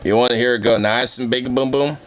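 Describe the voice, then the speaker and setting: A man's voice: medium pitch, steady tone, fairly quick, fairly bright tone, a little hiss or hum. A man chatting casually on a live stream, rowdy and profane, laughing often. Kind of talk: casual chat.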